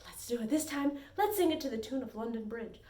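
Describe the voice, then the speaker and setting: A woman's voice: fairly high pitch, animated, a little fast, mellow, reverberant. A woman leading a children's story time as librarian, with a bubbly, sing-song, playful way of talking. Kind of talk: virtual story time for kids.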